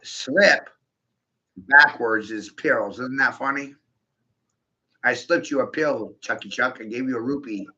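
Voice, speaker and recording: Speaking a little slowly and pausing often, a male vlogger delivers a rambling, cursing stream-of-consciousness talk, keeps dissolving into giggles, and addresses the listener with rhetorical questions. His mid-range voice is bright and forceful, and the lo-fi recording sounds dull.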